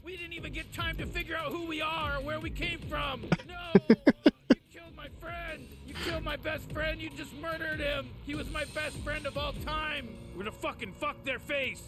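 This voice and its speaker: A dim-witted thug shouts in a high, strained voice and keeps repeating his threats. He sounds like a rowdy enemy in a video game. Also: fairly even intonation, a little fast, few pauses, over music. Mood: enraged. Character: dim-witted angry street thug, male.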